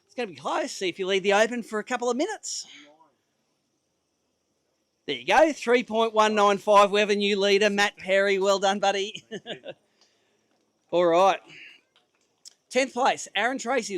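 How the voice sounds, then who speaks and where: A man's voice: high voice, normal speed, long pauses, fairly bright tone, dry recording. An Australian man emceeing a fishing tournament weigh-in outdoors, chatty and upbeat with the anglers. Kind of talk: live tournament emcee banter. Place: outdoor waterside stage.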